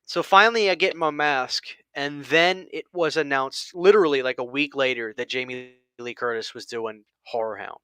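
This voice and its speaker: A man's voice: mid-range voice, moderate pace, few pauses, sharp tone, clean tone, no room sound. A man hosting a casual chat, telling a long story with many restarts and quoted lines. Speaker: channel host.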